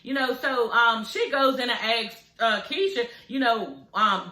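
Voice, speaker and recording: A woman's voice: on the high side, measured pace, hardly any pauses, sharp tone, echoey room, rough recording. A woman recapping a reality TV episode for her viewers in a sassy, gossipy, profane way, talking straight to them. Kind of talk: casual recap vlog.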